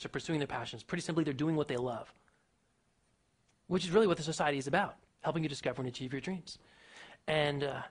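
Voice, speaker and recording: A man giving a motivational talk to an audience, emphatic and full of rhetorical questions, swinging his pitch and loudness. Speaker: motivational speaker.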